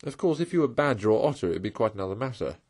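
A man's voice: on the low side, big pitch swings, rapid-fire, darkish tone, husky. A man voicing a brave, good-natured male water rat in a read-aloud storybook, speaking in a soothing, reassuring way.

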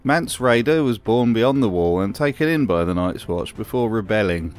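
Low-voiced man with dry sardonic narration. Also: expressive, moderate pace, darkish tone. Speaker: video essay narrator. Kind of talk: scripted commentary.

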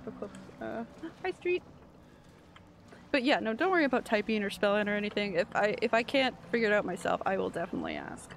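Excitable woman streamer with gravelly fry. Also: mid-range voice, fast talker, background noise. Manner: excitable, jumpy, chatting with viewers. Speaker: game streamer. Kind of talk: live gameplay commentary.

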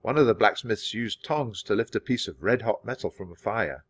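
A man reading a children's chapter book aloud in a clear, steady storytelling manner. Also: fairly low pitch, normal speed, dry recording, studio quality. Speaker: storybook reader.

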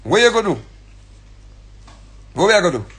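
Jamaican male streamer, husky and fairly high, angry repetitive rant. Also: sing-song, a little fast, fairly bright tone. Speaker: live streamer. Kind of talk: ranting commentary.

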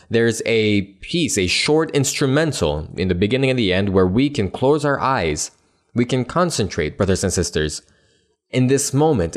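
Earnest man leading church worship. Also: medium pitch. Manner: earnest, devotional, addresses the congregation directly. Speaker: worship leader. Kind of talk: leading prayer and congregational singing. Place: church service.

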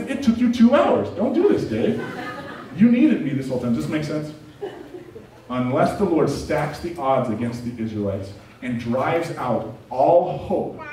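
A pastor preaching a sermon, telling personal stories with animated, self-deprecating humor. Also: male voice, medium pitch. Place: church sanctuary. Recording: very echoey room, distant mic, faint noise.

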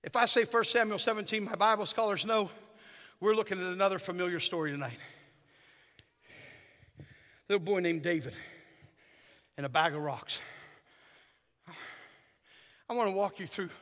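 A middle-aged man preaching as a guest in a church, telling stories with animated energy that builds to fervent shouting. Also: high voice, fast. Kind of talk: sermon. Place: church sanctuary. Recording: reverberant church hall.

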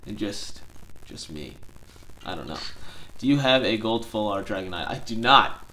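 Low-voiced excitable young man. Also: normal speed. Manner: chatty and excitable, laughs easily. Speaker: card-collecting streamer. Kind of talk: casual live-stream chat. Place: home room.

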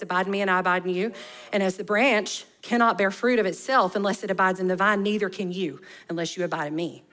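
Animated woman preaching a sermon. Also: medium pitch. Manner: animated, conversational preaching with rhetorical questions. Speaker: pastor.

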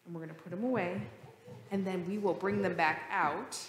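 A woman pastor reading the gospel and then leading a lively, playful children's sermon in church. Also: lowish voice, brisk, slight background noise. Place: church sanctuary. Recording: roomy church reverb.

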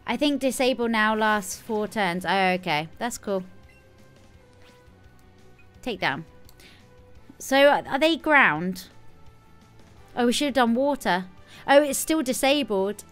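A woman game streamer talks casually as she plays, breaking into sudden excited squeals. Her voice sits high and sounds smooth and clean. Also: slow pace, pauses often, soft background music. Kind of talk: casual live gameplay commentary.

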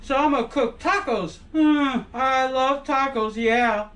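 A woman's voice: high voice, measured pace, hardly any pauses, fairly bright tone. A woman hosting a comedic vlog, sighing in a melodramatic, mock-emotional way. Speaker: vlogger.

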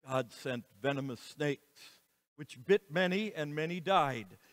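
A man preaching a sermon as pastor, slow and emphatic, with dramatic rises and falls in his voice. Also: on the high side, lively intonation, a bit bright. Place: church sanctuary. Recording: reverberant church hall.

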